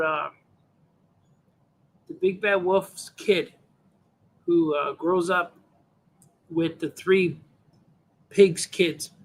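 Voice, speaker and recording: Gravelly man muttering while he draws. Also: sits high, fairly bright tone. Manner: mutters to himself, trails off, talks to viewers. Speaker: cartoonist livestreaming while drawing. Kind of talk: casual live-stream chat while drawing.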